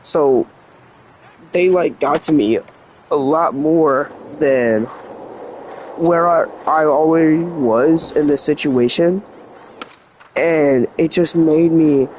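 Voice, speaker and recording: Teen guy talking to camera, kinda high voice, a bit sick and cracky, lots of "like". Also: a little mellow, a little hiss or hum, low-quality recording. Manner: earnest, rambling, many "like" fillers. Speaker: vlogger. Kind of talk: confessional vlog talk.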